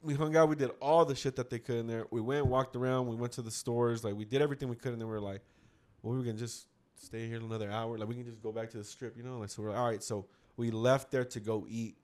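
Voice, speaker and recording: Fast-talking casual man telling a story. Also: medium pitch, fairly even intonation. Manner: rambling, slangy, quotes others mid-story. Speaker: storyteller among friends. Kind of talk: casual chat.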